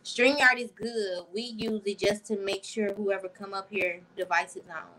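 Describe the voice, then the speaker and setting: A woman hosting a casual livestream, talking in an effusive, slangy and animated way while answering her viewers' comments. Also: mid-range voice, normal speed, noisy background. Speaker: livestream host. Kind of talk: casual live-stream chat with viewers.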